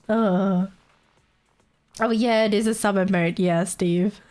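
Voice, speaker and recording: A woman's voice: mid-range voice, a little mellow, clean tone. A young woman streaming live, chatting casually with her viewers, chatty and giggly and swearing freely.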